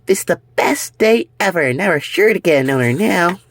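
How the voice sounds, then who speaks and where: A man's voice: sits high, animated, brisk, fairly bright tone, a little hiss or hum, voice pushed up. A man voicing a small female pet in a storybook reading. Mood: excited. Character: small timid female pet, now thrilled.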